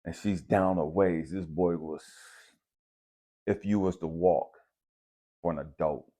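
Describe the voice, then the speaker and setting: Relaxed male host with a deep, mellow voice, telling a spiritual story like chatting with a friend. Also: unhurried. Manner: relaxed, conversational, uses slang like bet and dap. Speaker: channel host.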